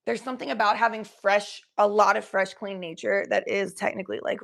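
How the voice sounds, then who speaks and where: A woman's voice: medium pitch, steady tone, a little fast, vocal fry, fairly bright tone. A young woman from the Cincinnati area, chatting casually on a livestream, swearing freely and reading chat aloud. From Cincinnati area, USA. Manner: chatty, swears freely, reads chat aloud, slips into baby talk for pets.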